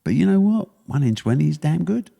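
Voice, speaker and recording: A man's voice: on the high side, very animated, fairly quick, creaky, warm tone, big-room sound. An older man with an East London accent, a guest telling blunt, punchy stories in a podcast interview. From England. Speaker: guest, sports promoter.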